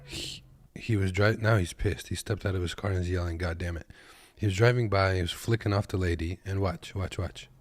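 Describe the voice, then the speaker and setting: This man, a truck driver from Kazakhstan, reacts from his desk in a laid-back, joking way and refers to viewers as "boys." He talks briskly in a low, steady tone.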